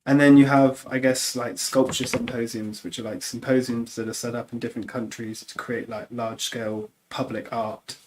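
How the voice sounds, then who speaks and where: A man's voice: medium pitch, moderate pace, few pauses, background noise. Rambling man telling anecdotes. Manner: rambling, animated, lots of "like" and laughter. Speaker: guest sculptor. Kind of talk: casual anecdote-telling in a livestream chat.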